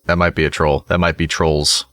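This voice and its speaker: Young male gaming commentator, deep voice, dry close mic, easygoing and talkative. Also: flat delivery, moderate pace, fairly bright tone, no echo, faint music behind. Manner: chatty, talks to animals in a sing-song coo. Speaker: gaming YouTuber. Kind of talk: casual gameplay commentary.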